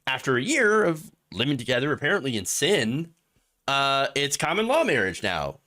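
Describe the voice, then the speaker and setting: A Michigan man hosts laid-back political commentary, sarcastic and animated and chuckling often. His voice is mid-range and his pace brisk.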